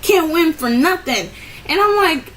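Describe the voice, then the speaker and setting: A woman telling a personal story in a casual storytime vlog, animated and rambling with many restarts, her voice jumping up when she relives the frustration. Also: medium pitch, a little slow, low-quality recording. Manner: rambling with frequent restarts and "I'm like".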